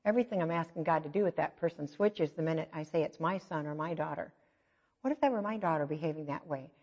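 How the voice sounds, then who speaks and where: A woman's voice: low-pitched, quick pace. Chatty middle-aged woman preaching in a hall. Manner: chatty, self-mocking storytelling with lively asides. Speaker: church speaker. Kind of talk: conversational sermon. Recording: dull, echoey hall recording.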